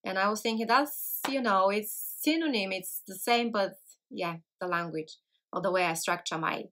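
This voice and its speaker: Bulgarian-accented woman host, casual vlog chat, self-correcting, bright voice. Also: medium pitch, normal speed. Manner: chatty, searching for words, self-correcting. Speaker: language channel host. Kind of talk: casual talk to camera.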